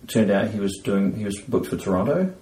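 A man from Belgium, a street performer, telling anecdotes in a relaxed, casual interview. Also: lowish voice, a little fast. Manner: relaxed anecdotal, laughs at own story. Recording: roomy echo.

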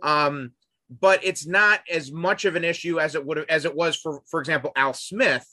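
Man, panelist, reflective and hesitant, bright upper voice. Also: on the high side, fairly even intonation, moderate pace, no echo. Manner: thoughtful, hesitant restarts. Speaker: podcast panelist. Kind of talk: casual discussion.

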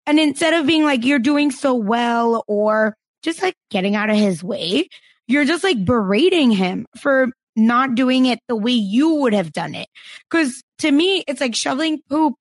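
A woman with a slightly high voice, recorded dry and close with no room sound. She talks in a casual, opinionated way, pressing her points with sassy emphasis. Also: big pitch swings, moderate pace, no room sound. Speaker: podcast co-host. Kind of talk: casual recap chat.

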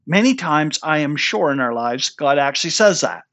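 A woman preaching a sermon, retelling a Bible story in an animated way and acting out the quoted lines. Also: low voice, normal speed.

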